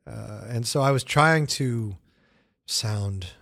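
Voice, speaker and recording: A middle-aged man from the United States, a guest comedian telling stories in a casual interview, animated, with many fillers and restarts. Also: medium pitch, slow, creaky, no room sound, studio quality.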